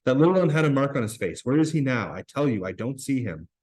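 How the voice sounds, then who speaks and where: A man reading as a fussy schoolboy in a storybook reading, indignant and scolding, his voice lifted a little higher and louder than plain narration. He keeps up a tirade, pitched at middle height, with stumbles as he reads. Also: sing-song, fast talker, lightly acted, rough recording. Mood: panicked.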